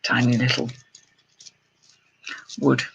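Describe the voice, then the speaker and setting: A woman's voice: very deep voice, level tone, takes it slowly, vocal fry, breathy edge, highs cut off. A middle-aged woman, chatting casually and exclaiming as she unboxes and talks to viewers on a live stream. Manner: chatty, exclaiming, thinking aloud. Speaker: jewellery reseller hosting a live haul stream.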